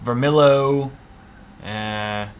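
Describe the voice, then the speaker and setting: A man's voice: medium pitch, drawn-out words, slight background noise. A man co-hosting a live tech show, joking playfully and laughing often as he thanks viewers. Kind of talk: casual live-stream chat.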